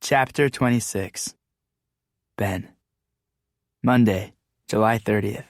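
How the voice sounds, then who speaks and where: A man narrating an audiobook chapter in first person, relaxed and conversational. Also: lowish voice, slow pace, dry recording, studio quality.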